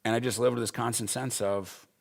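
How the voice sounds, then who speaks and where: A man's voice: mid-range voice, steady tone, brisk, creaky. A man in his forties teaching at a Bible school, talking in an earnest, emphatic, conversational way and telling personal stories. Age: 40s.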